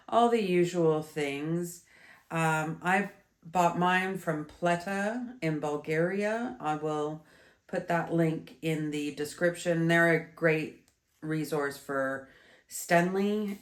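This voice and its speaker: A woman in her thirties, a bit stuffy, chatting casually through a yarn review with many fillers and restarts. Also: sits low. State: stuffy, congested. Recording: roomy echo.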